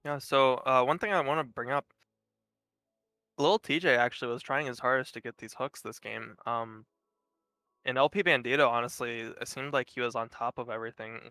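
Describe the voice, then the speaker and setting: A man with a bright, crisp voice gives upbeat, analytical game commentary. The sound is dry and close on a headset, with faint music underneath. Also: medium pitch, moderate pace, dry recording. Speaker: esports co-caster. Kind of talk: post-game analysis chat.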